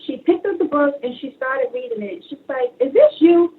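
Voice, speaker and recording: A woman's voice: high-pitched, fairly quick, gravelly. A woman from Brooklyn, New York, a guest author telling her stories in a phoned-in radio interview, acting out the voices in them. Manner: animated storyteller who acts out dialogue. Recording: tinny phone line with faint hiss.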